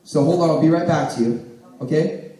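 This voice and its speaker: Male health coach, high and animated, motivational stage talk, distant echoey room sound. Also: normal speed. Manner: energetic, emphatic, calls on audience members. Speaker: health coach speaking to a live audience.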